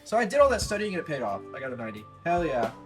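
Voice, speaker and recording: A man's voice: on the high side, big pitch swings, very fast, low-quality recording. A young man in his twenties, a college student vlogging in casual chat, rambling with lots of fillers and frequent swearing. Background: music.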